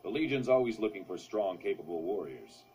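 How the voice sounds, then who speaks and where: An actor playing a soldier in a video game who is recruiting warriors, speaking in a brisk, matter-of-fact way. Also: male voice, fairly low pitch, sing-song, a little mellow, slight background noise, rough recording. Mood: curt. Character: gruff male soldier recruiting for an army.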